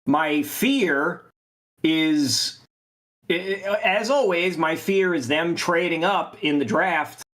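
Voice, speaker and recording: A man's voice: on the high side, slow pace, a bit bright. A man co-hosting a sports podcast, reasoning through an answer thoughtfully with hesitant restarts. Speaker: podcast co-host. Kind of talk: casual podcast analysis.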